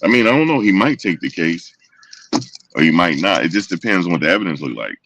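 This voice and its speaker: Deep-voiced man talking casually. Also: fast, far from the mic, noisy background. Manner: animated, repetitive storytelling with quoted voices. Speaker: show host. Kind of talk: casual commentary to viewers.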